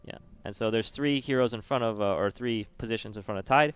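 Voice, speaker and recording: A man's voice: fairly low pitch, brisk, clean tone. A man co-casting an esports match on a headset, joking and making playful asides to the audience. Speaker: esports co-caster. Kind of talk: esports commentary.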